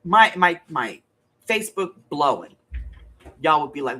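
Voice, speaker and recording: This older woman's low voice is sing-song and sharp-toned, moving a little slowly. As the grandmother host of a crafting channel, she rambles bluntly in casual livestream chat aimed straight at her viewers.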